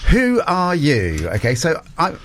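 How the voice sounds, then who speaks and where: A man hosting a podcast interview, playful and quick to laugh. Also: on the high side, huge pitch swings, a bit bright, slight background noise. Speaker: podcast host. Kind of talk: casual interview.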